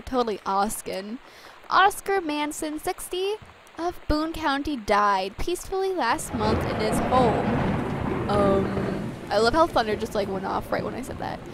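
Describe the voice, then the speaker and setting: A woman's voice: fairly high pitch, expressive, a little slow, fairly bright tone, slight background noise, poor audio. A young woman giggling and chatting as she plays a game, reading its text aloud. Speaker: let's play gamer. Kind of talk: casual gameplay commentary.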